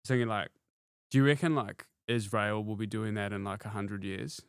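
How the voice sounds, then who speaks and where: A laid-back New man chatting as a podcast guest, self-deprecating and prone to trailing off. His voice is low and smooth, close to the mic in a dry, dead room. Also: fairly even intonation, moderate pace, no room sound. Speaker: comedian guest. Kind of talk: casual chat.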